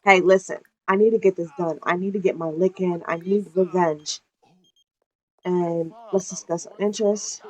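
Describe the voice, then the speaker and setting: A woman's voice: lowish voice, fairly even intonation, normal speed, dark tone, lightly acted. A woman voicing a hot-headed young male gangster bent on revenge, blunt and swearing hard in a game playthrough. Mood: scheming.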